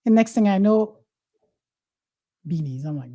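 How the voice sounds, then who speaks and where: A woman's voice: mid-range voice, lively intonation, a little slow, pauses often, dark tone. A woman host, chatting in an exuberant, teasing, exclamatory way. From Haiti. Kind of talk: casual talk-show chat.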